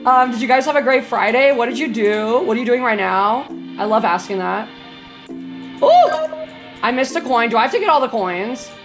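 A woman's voice: fairly high pitch, fairly quick, hardly any pauses. A young woman live-streaming a game, chatting with her chat, a little tipsy, swearing and shrieking when startled. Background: game music.

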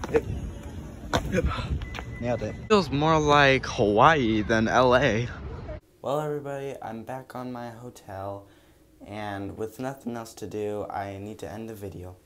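Brief: unhurried male gaming vlogger, chatty and jokey, mid pitch, noisy recording. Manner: chatty, excitable, jokey narration while exploring. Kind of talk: casual let's-play commentary. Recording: noticeable background noise.

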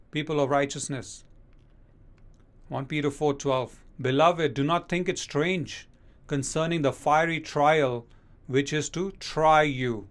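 A man preaching a sermon as pastor, speaking emphatically and slowing down to read scripture verses aloud. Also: mid-range voice.

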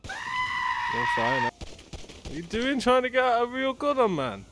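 A man with doing excitable gameplay commentary, yelling and cursing at other players. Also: very high-pitched, a little slow, heavy background noise. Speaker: gaming YouTuber. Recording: game music playing underneath.

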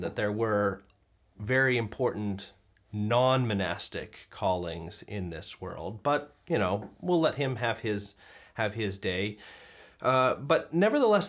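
A man's voice: medium pitch, fairly bright tone. A man hosting a talk on everyday spirituality, speaking thoughtfully with frequent fillers and restarts. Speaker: host. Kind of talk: casual talk to camera on faith.

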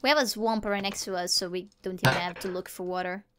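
A woman chatting casually while playing a game, playful and giggly, with excitable exclamations. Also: mid-range voice, fast talker, very noisy. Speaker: gamer recording a let's play. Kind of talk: casual gameplay chat.

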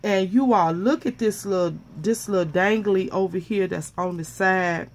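A woman vlogger chatting casually as she unboxes a package, gushing and repeating how much she loves each item, excited and a little flustered. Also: mid-range voice, normal speed.

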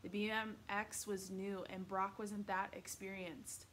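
An earnest, fretful schoolgirl, read by a woman narrating a book aloud. Her lines sit slightly higher than the narration, sincere and a little anxious. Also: flat delivery, a little slow, a bit bright, a little hiss or hum, lightly acted. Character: energetic, worried middle-school girl.

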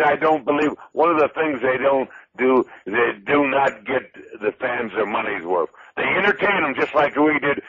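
An older man, a retired wrestler, spinning loud, boastful, folksy stories as a guest in an interview. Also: medium pitch, husky, dull audio. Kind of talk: interview storytelling.

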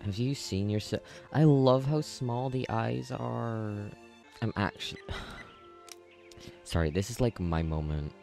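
A man giving casual gameplay commentary, gushing and excitable with frequent gasps. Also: medium pitch, slow pace, creaky, soft background music. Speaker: gaming video creator.

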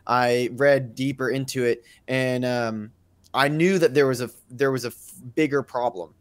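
A man's voice: mid-range voice, fairly even intonation, moderate pace, clear, resonant tone, no room sound. A man talking through a classroom example in a casual podcast discussion, thoughtful with frequent restarts. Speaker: teacher and podcast co-host.

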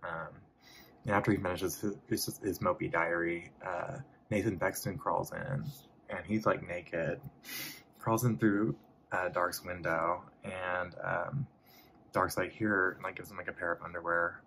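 A man giving a soft-spoken, rambling ASMR movie recap from memory, full of "like" and "um". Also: deep voice, steady tone, measured pace, vocal fry, slight background noise. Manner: rambling, lots of "like" and "um", laughs between lines. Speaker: host.

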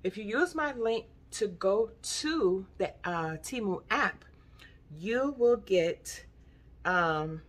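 A woman chatting excitedly to viewers in a casual haul vlog, calling them y'all. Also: mid-range voice, slow. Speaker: vlogger.

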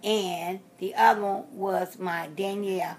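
A woman's voice: mid-range voice, fairly even intonation, a little slow, a little hiss or hum. A woman in her sixties talking casually to her viewers, chatty and rambling, often repeating herself and trailing off with fillers. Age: 60s. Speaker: reborn doll collector vlogger. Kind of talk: casual rambling vlog talk.

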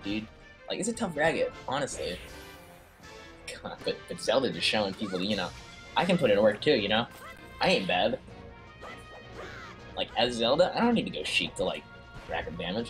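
A young man casually commentating a computer fighting game tournament, excitable and slangy, swearing often. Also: lowish voice, moderate pace, long pauses, soft background music. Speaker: stream commentator.

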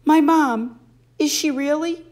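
A woman's voice: mid-range voice, lively intonation, a little slow, a little mellow, pitched above the performer's own voice. A woman voicing a twelve-year-old boy who speaks bluntly and urgently, in an audiobook.

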